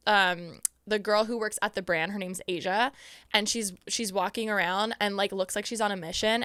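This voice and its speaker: Young woman, podcast host, bright clear voice, dry close mic, animated storytelling. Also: medium pitch, dry recording. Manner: excitable, animated quoting of herself. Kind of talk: casual storytelling chat.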